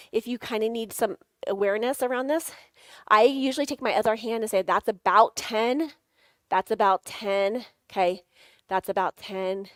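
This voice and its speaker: A middle-aged woman leads a live sales workshop, her voice sitting a touch high as she coaches the audience step by step. She keeps it playful, tossing in jokey asides and laughing often. The sound is close and dry. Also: no echo. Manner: playful, coaching, guides audience through tapping exercises.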